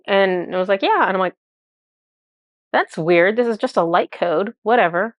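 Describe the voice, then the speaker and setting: Woman, casual rambling storyteller, mid pitch, dry close mic. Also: lively intonation, moderate pace, dry recording. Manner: chatty and rambling, full of "like" and self-corrections. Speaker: spiritual channeler telling a personal story.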